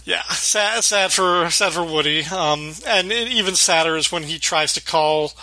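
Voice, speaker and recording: A man's voice: a little high, a little slow, pushed and bright, dry recording, rough recording. A man co-hosting a podcast, casually retelling sitcom scenes with frequent laughter and acted-out quotes. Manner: laughs often while retelling scenes, acts out quoted lines. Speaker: podcast co-host. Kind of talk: casual podcast chat recapping a sitcom episode.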